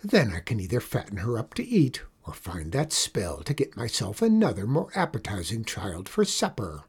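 A man doing a greedy old witch, husky, muttering, storybook reading. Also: mid-range voice, wildly swooping pitch, unhurried, heavily acted. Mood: scheming mutter. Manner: muttering to herself, hushed.

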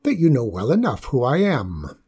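A man voicing a friendly little old male mountain troll who speaks in a shrill, excitable voice. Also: moderate pace, slightly rough, full character voice. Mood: eager.

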